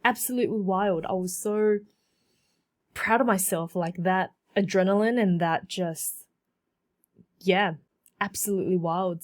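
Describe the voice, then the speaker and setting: A woman's voice: medium pitch, a little slow, long pauses. Chatty woman telling her story. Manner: chatty, animated, many fillers and repeats. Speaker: podcast host. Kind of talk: casual solo podcast storytelling.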